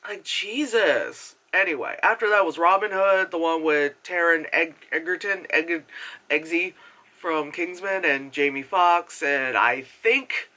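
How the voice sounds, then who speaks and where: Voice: medium pitch, a little slow, bright, forceful tone. A movie reviewer talking casually to a camera, swearing freely, filling the talk with fillers and tangents, and mimicking other people. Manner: heavy filler words, goes off on tangents. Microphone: camera mic.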